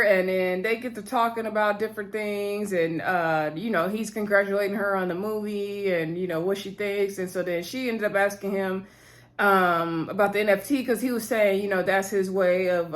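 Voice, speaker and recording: A woman's voice: mid-range voice, fairly even intonation, normal speed. A young woman talking casually to her viewers, chatty and full of fillers as she recaps a TV episode.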